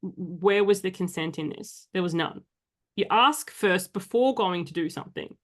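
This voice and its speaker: A woman's voice: lowish voice, normal speed. An Australian woman hosting a podcast, talking casually in a blunt, exasperated way and swearing now and then. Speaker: podcast host.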